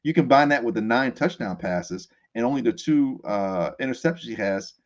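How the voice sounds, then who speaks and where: A man's voice: mid-range voice, moderate pace. Guy talking football on a call, laughs a lot, kinda dull muffled audio. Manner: animated, laughs often, restarts a lot. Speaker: sports analyst guest. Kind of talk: casual sports talk.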